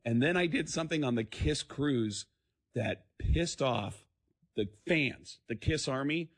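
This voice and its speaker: Guy comic on a radio show, spinning tales, husky voice that leaps up and down, slips into characters. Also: mid-range voice, expressive, unhurried. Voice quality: acts out quotes in many voices. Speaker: comedian guest. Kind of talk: animated radio storytelling.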